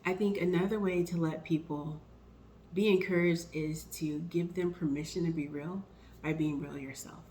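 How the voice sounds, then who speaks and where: Woman, low voice, personal faith vlog, storytelling, animated quotes, faint background noise. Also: moderate pace, low-quality recording. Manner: warm storytelling, animated when quoting herself. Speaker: vlogger.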